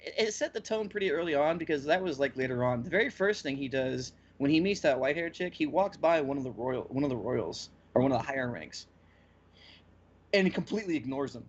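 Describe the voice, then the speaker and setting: A man hosting a podcast, recapping a story in casual chat with lively, stop-and-start storytelling. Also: mid-range voice, brisk, breathy edge. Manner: animated storytelling with frequent restarts. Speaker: podcast host. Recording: slightly muffled lo-fi audio.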